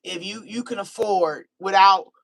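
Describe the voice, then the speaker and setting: An American woman doing a casual live-stream tarot reading, animated and chatty, laughing easily. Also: mid-range voice, a little slow, no echo, rough recording. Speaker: tarot reader.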